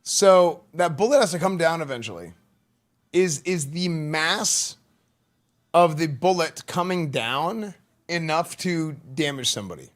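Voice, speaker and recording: A male streamer talks through clips in a relaxed, rambling way. His voice sits a bit on the high side, and he fills his sentences with "like" and "dude". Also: a little slow. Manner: loose, rambling, says "like" and "dude" a lot. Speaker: livestreamer reacting to clips. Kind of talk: casual chat.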